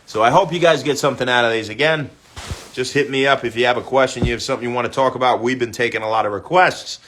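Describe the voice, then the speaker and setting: Bright-voiced male fitness host. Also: mid-range voice, fast, slight background noise. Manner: upbeat shout-outs to viewers. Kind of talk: casual livestream talk.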